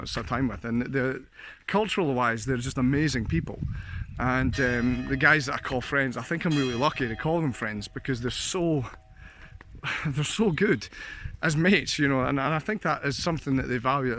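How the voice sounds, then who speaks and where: A Scottish man living in a Slovak village vlogs in a chatty, jokey monologue packed with fillers and frequent laughter. His voice is medium in pitch and a bit bright.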